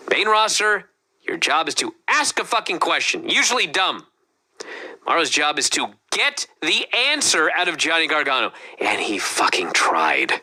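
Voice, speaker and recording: A man's voice: a little high, huge pitch swings, moderate pace, pushed and bright. A man co-hosting a wrestling review show, talking in a casual, profane, ranting way. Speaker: podcast co-host.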